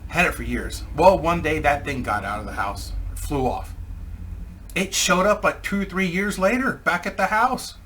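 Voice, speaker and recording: Guy with a bright punchy voice rambling thru a crude funny story, laughing at his own jokes. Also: fairly high pitch, expressive, normal speed, slight background noise. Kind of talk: casual comedic anecdote.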